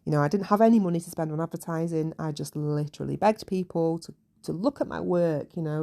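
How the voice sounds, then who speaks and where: A woman with a gravelly low voice, chatty. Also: fast, warm tone. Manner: chatty and candid, many "you know" asides. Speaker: podcast host. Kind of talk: casual solo podcast storytelling.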